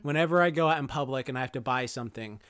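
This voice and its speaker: A man co-hosting a comedy podcast, telling stories loudly with lots of laughing and swearing. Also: mid-range voice, racing, smooth, no echo, clean studio sound. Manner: loud, laughing, swearing, animated storytelling. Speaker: podcast co-host. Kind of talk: casual comedic chat.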